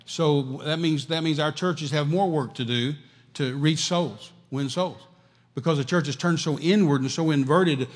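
A male preacher delivering a sermon with a fairly high voice. He repeats himself for emphasis and drops from loud to hushed. Long church reverb trails every phrase. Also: brisk. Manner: emphatic, repetitive, swings between loud and quiet.

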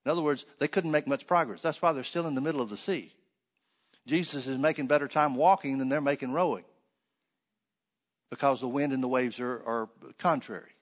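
A man preaching a sermon, reading scripture aloud and then explaining it with rhetorical questions, swinging between loud emphatic stresses and hushed asides. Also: medium pitch, a little fast, pauses often.

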